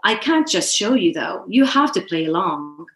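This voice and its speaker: A woman voicing a cheerful girl, a patient big sister, who coaxes and guides gently. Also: fairly low pitch, sing-song, moderate pace, reverberant, a little hiss or hum. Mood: coaxing. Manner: gentle, coaxing, guiding.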